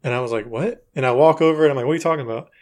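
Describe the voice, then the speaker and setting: A married man co-hosting a podcast, telling a story in a dry, low-key way. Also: very fast, darkish tone. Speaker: podcast co-host. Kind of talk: casual storytelling chat.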